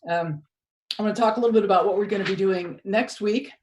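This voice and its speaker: A woman's voice: medium pitch, fast talker, a little mellow, slight background noise. A woman emceeing a storytelling evening in a chatty, thankful, casual way. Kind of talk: casual hosting.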